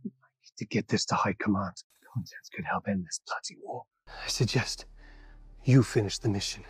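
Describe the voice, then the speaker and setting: A wounded trench soldier. His husky voice sounds close and dry, gruff and pressing. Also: on the low side, normal speed, dry recording. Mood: urgent.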